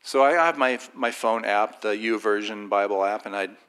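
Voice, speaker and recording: A man shares a personal faith testimony in a loose, conversational way. His voice is bright and forceful, and he brings his stories to life by acting out the people in them. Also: on the low side, moderate pace, smooth. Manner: animated storyteller who acts out other people's voices. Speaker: Christian speaker sharing a personal testimony. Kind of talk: informal faith testimony storytelling.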